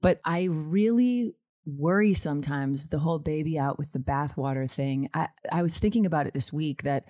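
Low-voiced woman, reflective and laughing. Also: normal speed, dark tone, no echo, studio quality. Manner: reflective, self-mocking, laughs often. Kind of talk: casual conversation. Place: Los Angeles area.

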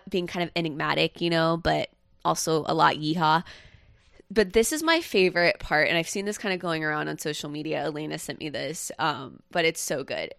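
A woman's voice: deep voice, creaky, fairly bright tone, no room sound, studio quality. A woman co-hosting a podcast, chatting casually and rambling with lots of fillers. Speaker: podcast co-host. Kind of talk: casual chat.

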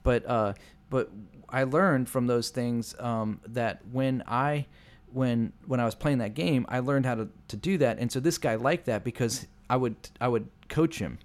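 Rambling pastor telling stories. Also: male voice, mid-range voice, a little slow. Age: 40s. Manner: rambling storyteller, acts out quoted voices. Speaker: pastor and podcast co-host. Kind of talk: casual podcast chat.

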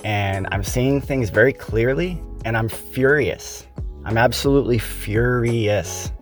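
A man's voice: medium pitch, takes it slowly, faint music behind. An American man hosting a podcast, delivering a heated, profane political rant with emphatic stresses. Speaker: podcast host.

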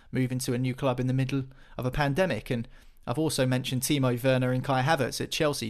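Male football pundit, casual chatter full of fillers, mid-range voice. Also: medium pitch. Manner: chatty, many restarts and fillers.

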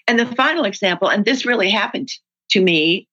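Bright-voiced woman, animated storyteller. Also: mid-range voice, fairly quick, lo-fi sound. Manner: animated storyteller who acts out example dialogue. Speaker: guest, workplace communication trainer. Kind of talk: conversational interview.

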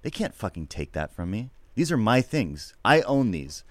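A middle-aged man, a comedian, talking candidly and reflectively in an interview, swearing freely and getting animated at times. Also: lowish voice, normal speed, no room sound. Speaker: podcast guest, comedian.

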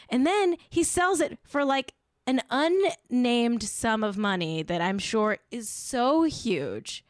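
A woman hosting a comedy podcast, delivering a sarcastic, exaggerated rant with deadpan asides. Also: a little high, slow pace, clear, resonant tone, no echo, studio quality. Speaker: podcast host.

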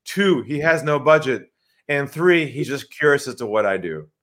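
A man's voice: medium pitch, normal speed. A man, a sales trainer, answering interview questions by telling vivid stories and acting out phone calls. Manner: animated storyteller, acts out phone calls.

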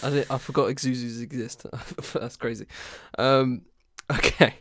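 A man's voice: mid-range voice, fairly even intonation, a little slow, no echo. A man co-hosting a casual podcast chat, rambling and hesitant with frequent laughter. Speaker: podcast co-host.

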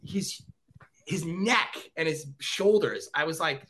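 A middle-aged man as a podcast guest, an excitable storyteller who acts out quotes in casual chat. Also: fairly high pitch, slow. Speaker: podcast guest, former celebrity reporter.

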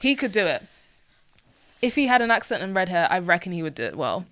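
A woman's voice: fairly low pitch, very animated, fast talker, fairly bright tone. A woman co-hosting a casual podcast, talking in an enthusiastic, playful way. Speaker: podcast co-host. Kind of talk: casual chat.

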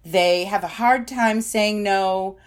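A woman's voice: mid-range voice, takes it slowly, clear, resonant tone. Woman explaining parenting advice. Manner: explanatory, often says "you know", acts out quoted parents and kids. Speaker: parenting author and counselor. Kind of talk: conversational interview answers.

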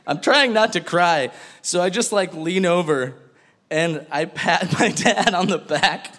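A man's voice: sits high, a little slow, a bit bright. A man telling a family story on stage in a wry, chatty way, often breaking into laughter. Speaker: storyteller and host. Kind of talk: comic live storytelling.

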